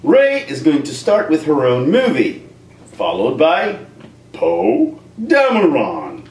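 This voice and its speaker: A man rants through a movie review, joking as he goes. His voice sits a bit high and swings up and down with lots of energy. The sound is roomy and echoey, with the mic set a little away from him. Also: slow, vocal fry, recorded from a distance. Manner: animated, joking rant. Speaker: YouTube comedian and reviewer.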